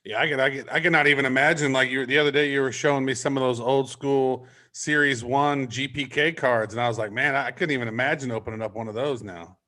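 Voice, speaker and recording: A man co-hosting a casual online chat with easygoing, quick replies. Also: mid-range voice, fairly even intonation, sharp tone. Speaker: co-host.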